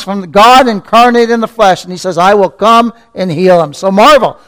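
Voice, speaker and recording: This preacher's voice sits high and a bit bright, moving at normal speed with few pauses. As pastor he calls everyone beloved, poses rhetorical questions, and repeats key phrases until he reaches fervent emphasis.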